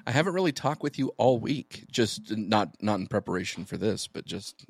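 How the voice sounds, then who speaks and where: A man's voice: fairly low pitch, animated, moderate pace, creaky, dry recording. A man co-hosting a podcast in casual chat, rambling and repeating words as he goes. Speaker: podcast co-host.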